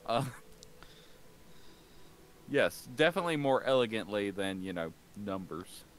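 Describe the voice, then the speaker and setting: Lively low-voiced man joking at the table. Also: measured pace. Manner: loose, swearing, jokey. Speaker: player. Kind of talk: casual chat at a tabletop game.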